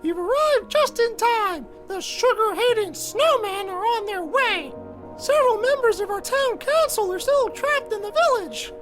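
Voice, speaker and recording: An excitable gingerbread town greeter in a video game, calling out bright exclamations. Her voice sits very high. Loud festive music plays underneath. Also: unhurried. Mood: excited. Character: cheerful gingerbread colony announcer woman. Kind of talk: video game character dialogue.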